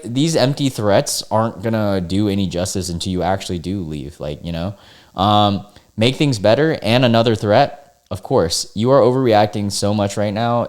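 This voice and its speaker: A young man with a lowish voice, reading out forum posts in a casual commentary. He reacts bluntly, cursing often, and drops exasperated asides between the quotes. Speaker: online video host reading forum posts.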